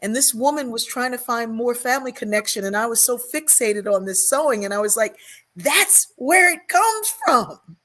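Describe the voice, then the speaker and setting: A woman's voice: on the high side, brisk, hardly any pauses. An older woman, a guest on an interview show, telling a personal story at length and acting out the voices she remembers. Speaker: guest, sociologist and author.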